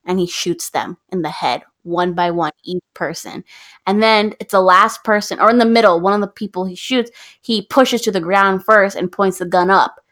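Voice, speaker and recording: Chatting casually with friends, a woman retells a film's plot as an animated storyteller, acting out the characters' lines. She speaks at a moderate pace in a mid-range voice.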